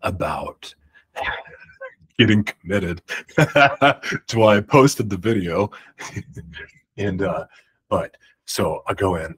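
Husky man rambling through a story. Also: low-pitched, slow, pauses often, rough recording. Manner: rambling, animated, self-interrupting retelling. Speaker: host. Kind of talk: personal storytelling monologue.

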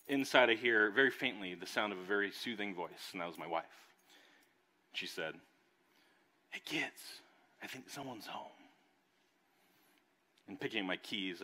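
A young adult man, a pastor preaching a sermon and telling a personal story, acting out voices along the way. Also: on the low side. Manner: animated storytelling, acts out voices. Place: church service.

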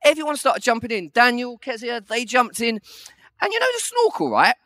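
A man's voice: extremely high pitch, very animated, moderate pace, bright, forceful tone, dry recording, clean studio sound. A man preaching a sermon, telling a self-deprecating story with comic timing.

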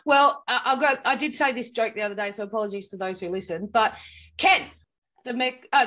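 A woman's voice: on the high side, fairly quick, fairly bright tone. Playful woman chatting on a podcast. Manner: playful, jokey. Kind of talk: casual chat.

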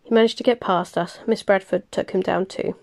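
A woman voicing a deferential male vampire underling, apologetic and rough-voiced, in a storybook reading. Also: medium pitch, steady tone, brisk, a little mellow, close to an everyday voice.

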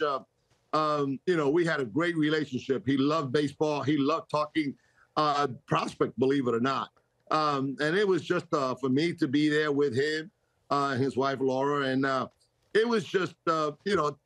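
A man's voice: on the high side, fairly bright tone, no room sound. An older man, a guest on a casual radio interview, talks in a rambling, self-correcting way and laughs easily. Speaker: guest, baseball executive.

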